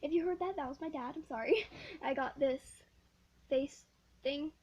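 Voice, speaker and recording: A teenage girl unboxing a package for her vlog, excitable and giggly, gushing over each item in casual chat. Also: high-pitched, moderate pace, muffled recording. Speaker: vlogger.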